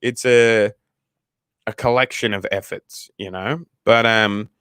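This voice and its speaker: A man with an Australian accent, a channel host telling a story casually to his viewers, rambling and animated, with frequent swearing. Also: fairly low pitch, takes it slowly, clear, resonant tone, no room sound. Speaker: channel host, new father.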